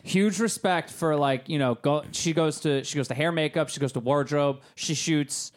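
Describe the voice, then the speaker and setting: A man's voice: a little high, moderate pace. A man co-hosting a podcast in casual chat, talking in long rambling runs with lots of fillers. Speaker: podcast co-host.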